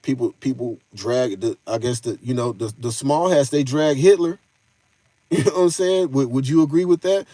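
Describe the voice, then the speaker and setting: On a dry recording, a man of medium pitch and a mellow sound talks at normal speed while hosting a stream. It's casual commentary delivered in loose slang, with him answering and addressing his chat head-on.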